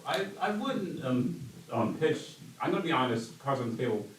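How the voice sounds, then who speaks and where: A man's voice: mid-range voice, sing-song, normal speed, a little hiss or hum. A man guesting on a casual podcast, stumbling and repeating words. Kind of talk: casual group chat. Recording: distant echoey room.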